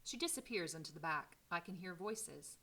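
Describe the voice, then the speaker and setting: Bright-voiced woman reading a novel aloud. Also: lowish voice, expressive, moderate pace. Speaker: teacher.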